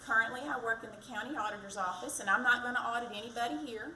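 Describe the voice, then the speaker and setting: A woman's voice: on the high side, fast, sharp tone. A woman giving a chatty, self-deprecating campaign speech for county treasurer at a community event. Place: fire department community event. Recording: echoey, distant mic, background noise.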